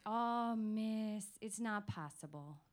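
A woman voicing a polite, anxious female escort who keeps refusing in a hushed, apologetic way. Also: medium pitch, takes it slowly, voice pushed up, natural voice. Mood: fretful.

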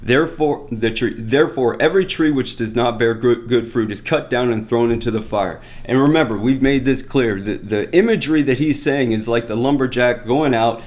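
A man's voice: medium pitch, moderate pace, few pauses, darkish tone. A man teaching from the Bible, reading scripture aloud and then explaining it in plain talk, often restarting his sentences. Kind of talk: sermon.

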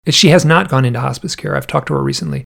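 A man telling a story in a casual, animated way, with vivid detail and frequent restarts. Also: medium pitch, racing, gravelly.

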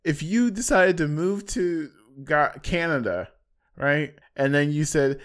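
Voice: mid-range voice, expressive, slow. A podcast co-host in casual chat, teasing and laughing while dodging spoilers.

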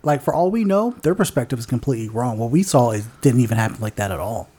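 A man's voice: mid-range voice, lively intonation, fast, warm tone, breathy edge. Rambling male movie podcast co-host. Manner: rambling, searching for words; swears casually. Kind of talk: casual movie-review chat.

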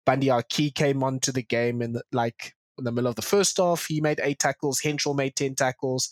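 A man's voice: mid-range voice, steady tone, a little fast, no echo. A man hosting a rugby podcast in a casual way, steering the talk and listing match statistics. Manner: steers the talk, lists stats. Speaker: podcast host.

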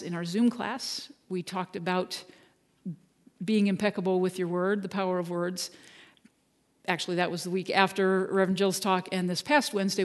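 A minister giving a Sunday talk, telling stories in a relaxed, conversational way with light humor. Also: mid-range voice, in a large hall. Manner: conversational storytelling with gentle humor. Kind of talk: sermon. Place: church sanctuary.

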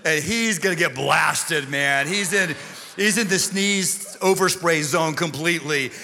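Male pastor, comic sermon storyteller, bright voice, long hall reverb. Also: on the high side, a little slow, gravelly, faint music behind. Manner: animated, comic storytelling with shouted punchlines.

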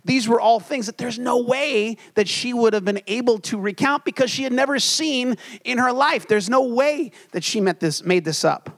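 A man's voice: extremely high pitch, normal speed, hardly any pauses, fairly bright tone. A young adult man preaching a sermon as pastor, telling stories in an earnest, self-deprecating way.

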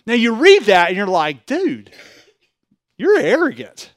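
A man, a pastor preaching a sermon in a conversational way, swinging between loud emphasis and quiet asides. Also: high-pitched, wildly swooping pitch, a little slow, no room sound, studio quality.

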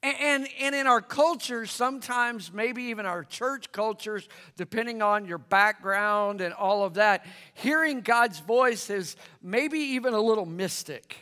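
A pastor delivers a conversational sermon in a church hall, prompting his congregation to respond, with a long hall reverb around him. His high-pitched voice has a sharp tone, and he talks a little slowly with almost no pauses.

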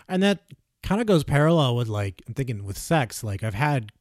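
A man's voice: medium pitch, sing-song, no echo. Joking man co-host, dry close sound. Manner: joking, blunt, quick asides. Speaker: podcast co-host. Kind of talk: casual chat.

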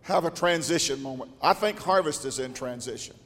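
An older man, pastoring and preaching a folksy storytelling sermon with a drawl that swells into shouting. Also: on the high side, brisk. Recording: long church reverb.

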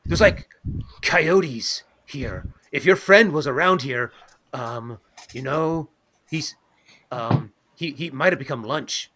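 A man's voice: medium pitch, takes it slowly, fairly bright tone, slight background noise. A man voicing a small male squirrel who talks in a rambling, hesitant way full of fillers. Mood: coaxing. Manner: rambling, full of likes and ums.

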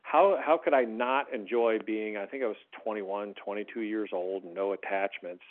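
American guy on a tinny phone line, animated, voice shoots up when he makes a point. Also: moderate pace. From United States. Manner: animated storyteller, voice rising high on emphasis. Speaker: podcast guest. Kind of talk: casual conversation.

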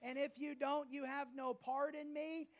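A male pastor preaching a sermon at a church service, lively and humorous, often acting out the voices of people he quotes. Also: very high voice, unhurried.

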